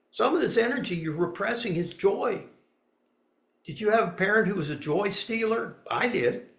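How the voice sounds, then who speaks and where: A man's voice: fairly high pitch, vocal fry, a bit bright, echoey room. A man giving a dharma talk as a spiritual teacher, blunt and folksy, moving between reading and emphatic asides.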